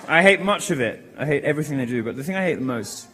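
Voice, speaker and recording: A British man gives a brash, mocking speech to a packed college room, projecting loudly. His voice sits a little high for a man. Faint background noise runs under it. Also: animated, fast talker, hardly any pauses. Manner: provocative, mocking, loud projected delivery. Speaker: public speaker. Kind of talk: live speech to a college audience. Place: large lively lecture room.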